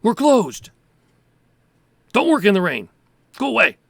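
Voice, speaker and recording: A man voicing a grumpy male coffin maker who shouts through a closed door for visitors to go away. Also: high-pitched, wildly swooping pitch, measured pace, no echo, studio quality, pitched above the performer's own voice, exaggerated voice. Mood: irritated shouting. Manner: gruff, irritable, yelling.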